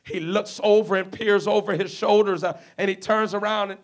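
A man's voice: high-pitched, fairly even intonation, moderate pace. A man preaching a sermon as a guest preacher, telling a Bible story and acting out its dialogue. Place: church before a congregation.

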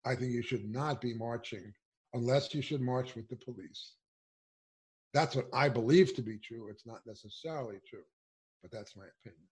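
A man's voice: mid-range voice, moderate pace, darkish tone. A man giving impassioned political commentary, emphatic and indignant, firing off rhetorical questions. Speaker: political speaker.

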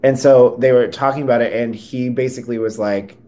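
A man's voice: medium pitch, fairly even intonation, a little fast, warm tone. A young man co-hosting a podcast in casual chat, rambling with many fillers and restarts. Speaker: podcast co-host.

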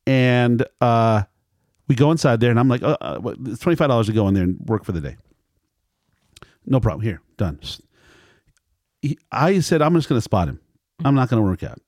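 Rambling middle-aged storyteller dad. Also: male voice, mid-range voice, expressive, fairly quick, pauses often, darkish tone, no echo, studio quality. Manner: rambling, self-correcting, acts out quoted lines. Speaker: father telling a family story. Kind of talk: casual conversational storytelling.

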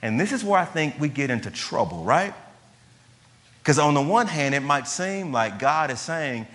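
Guy preaching, bit high voice, chatty and punchy, long echo off the sanctuary. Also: expressive, normal speed, a bit bright. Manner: emphatic, conversational preaching with rhetorical questions. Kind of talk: sermon. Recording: long hall reverb.

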